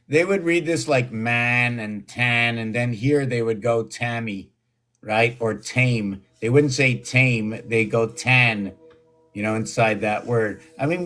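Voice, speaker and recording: A man's voice: medium pitch, fairly bright tone. Man, solo video talk, meandering, thinking aloud, filler-heavy. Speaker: video host.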